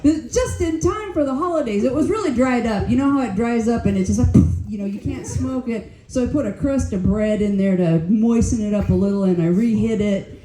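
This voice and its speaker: A woman's voice: on the high side, brisk, few pauses, warm tone. An older woman doing a stand-up comedy set, telling blunt, profane stories on a club stage. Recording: roomy club echo.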